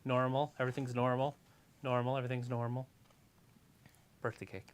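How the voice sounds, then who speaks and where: A man's voice: mid-range voice, level tone, a little fast, a little hiss or hum. Male co-host, casual stream banter, offhand and opinionated, teasing tone. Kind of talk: casual watch-along chat.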